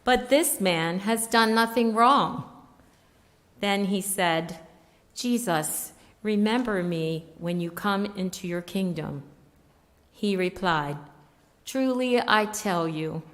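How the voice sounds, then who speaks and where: A woman reading scripture aloud during a church service, measured and deliberate. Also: lowish voice, fairly bright tone. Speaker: scripture reader. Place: church sanctuary. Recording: reverberant sanctuary, voice from a distance.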